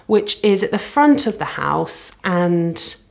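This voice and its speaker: A woman's voice: fairly low pitch, sing-song, takes it slowly, creaky. A young woman chatting casually to camera from her living room, rambling and self-deprecating. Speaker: vlogger. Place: living room at the front of a house. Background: traffic outside.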